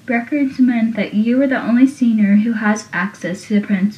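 A woman's voice: fairly high pitch, moderate pace, warm tone, close to an everyday voice. A young woman reading the lines of a pompous middle-aged male school principal in a formal tone. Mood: stern. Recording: dull, roomy, from a distance.

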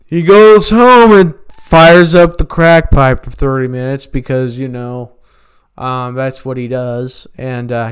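Slow, rambling man telling a story. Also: medium pitch, smooth. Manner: rambling, halting, full of fillers and restarts. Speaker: storyteller, former fast-food worker. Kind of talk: casual spoken storytelling.

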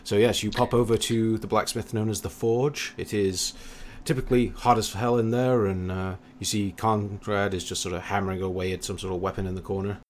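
Male game master, low-pitched, patient rules explainer. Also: steady tone, fairly quick, few pauses, a little hiss or hum. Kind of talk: running a tabletop game.

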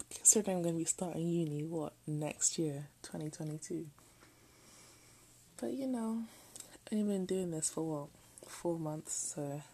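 A woman's voice: low-pitched, mellow, slight background noise, low-quality recording. A teenage girl chatting casually late at night in her bedroom, rambling and often dropping into half-whispers. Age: late teens. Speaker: vlogger.

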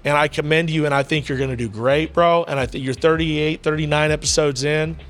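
A man's voice: a little high, fairly even intonation, brisk. A man who announces combat sports, a podcast guest telling a heartfelt story in casual, rambling talk full of "you know" and "bro". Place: indoor VR arcade he owns.

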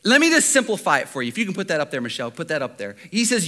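High-voiced, bright, animated male preacher. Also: very fast, hardly any pauses. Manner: animated preaching with rhetorical questions and repetition. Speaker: pastor. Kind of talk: sermon.

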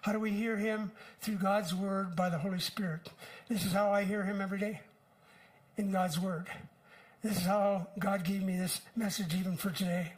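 Older guy preaching, kinda high voice for a man, earnest and slow with lots of pauses. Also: level tone, low-quality recording. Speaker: pastor. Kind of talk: sermon.

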